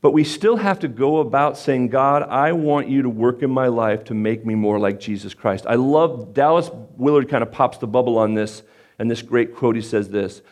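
A man's voice: mid-range voice, normal speed, a little mellow. A man preaching a sermon as pastor, conversational and self-deprecating, and he gets fired up as he speaks.

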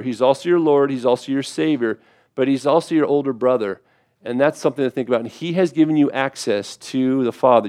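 Guy pastor preaching, chatty and down to earth, mid voice, slows up for scripture readings. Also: medium pitch, darkish tone. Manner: conversational preaching, asks the congregation questions; slows down to read scripture aloud. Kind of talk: sermon.

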